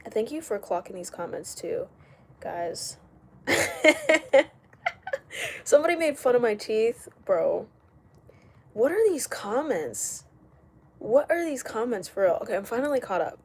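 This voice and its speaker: A young woman live streaming from home, chatting casually, reading out comments and firing back quick retorts with frequent laughs. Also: a little high, sing-song, darkish tone, a little hiss or hum. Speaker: livestreamer. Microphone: camera mic while live streaming.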